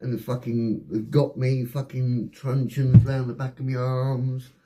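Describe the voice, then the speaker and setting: A man with an English accent, casually telling a rowdy personal story, swearing often and acting out the voices of the people in it. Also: medium pitch. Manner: swearing, rapid and animated anecdote telling with acted-out voices.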